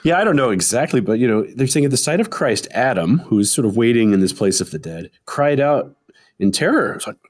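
A man's voice: mid-range voice, sing-song, a little fast. A man co-hosting a podcast in casual discussion, explaining a text and reading passages from it aloud. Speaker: podcast co-host.

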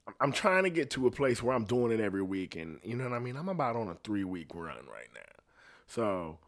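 Rambling, profane man with a lively voice. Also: fairly low pitch, fairly quick. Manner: rambling, profane, laughs at his own jokes. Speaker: podcast host. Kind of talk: casual solo podcast rant.

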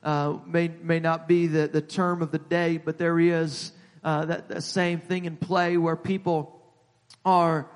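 A man preaching a sermon to his congregation in a church, repeating words as he builds and rising in pitch and volume at the high points. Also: little pitch movement, measured pace. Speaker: pastor. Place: church sanctuary. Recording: long hall reverb.

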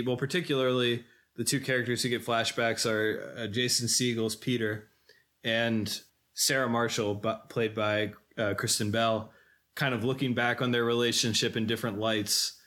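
A man co-hosting a casual film podcast, walking through the story in careful detail. His voice sits at an ordinary pitch. He often pauses on fillers as he goes. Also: fairly bright tone. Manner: detailed plot recapping with frequent fillers. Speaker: podcast co-host.

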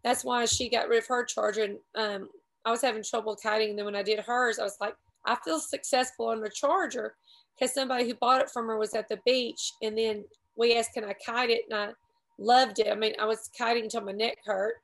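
A middle-aged woman tells a long, rambling story to friends, with a slightly high voice. She talks casually and often laughs at herself along the way. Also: steady tone, fairly quick, creaky, low-quality recording. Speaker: paramotor pilot telling a story. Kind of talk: casual group chat.

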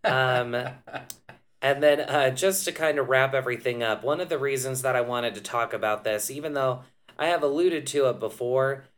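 A man hosting a casual podcast, explaining points in a measured way with frequent ums and uhs. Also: medium pitch. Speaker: podcast host.

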